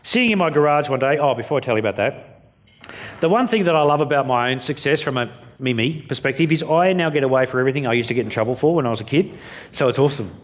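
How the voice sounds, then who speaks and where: A man's voice: mid-range voice, lively intonation, quick pace. An Australian man giving a keynote speech, telling stories in a jokey, blunt way. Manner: jokey, blunt, story-driven. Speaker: keynote speaker.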